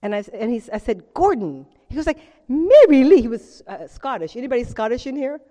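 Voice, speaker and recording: A middle-aged woman giving a personal testimony to a recovery group, telling her story in an animated way with acted-out quotes and frequent laughter. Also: on the high side, quick pace. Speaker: speaker sharing at a recovery meeting. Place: meeting room with audience. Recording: reverberant meeting hall.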